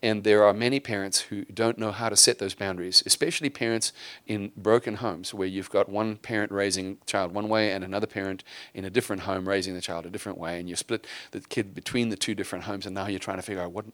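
A man's voice: deep voice, a bit bright, no echo. A man preaching a sermon in an earnest way, with emphatic bursts and frequent restarts.

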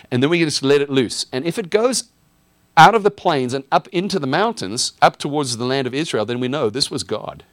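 A man's voice: medium pitch, no echo, close to an everyday voice. A man playing anxious ancient Philistine lords. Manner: anxious, talking it over among themselves.

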